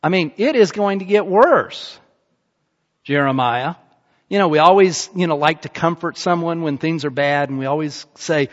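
A male pastor delivering a sermon in a church, talking to the crowd in a chatty but emphatic way and hammering phrases by repeating them. His voice sits a little high for a man. The recording is muffled and carries a long reverb from a big hall. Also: lively intonation, moderate pace.

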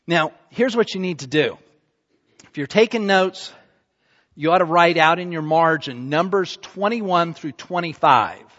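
A man preaching a sermon, retelling a scripture story in a relaxed, conversational way and checking in with the congregation. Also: on the high side, unhurried. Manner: conversational storytelling with fillers like "you know" and "okay?". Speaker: pastor. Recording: dull recording with long hall reverb.

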